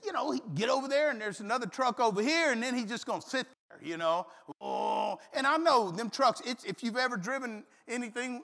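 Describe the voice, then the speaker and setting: Middle-aged preacher, bright, sharp voice, folksy storyteller with a gravelly edge. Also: male voice, very high-pitched. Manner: folksy, animated, shouts and laughs through stories. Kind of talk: sermon with storytelling. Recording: long hall reverb.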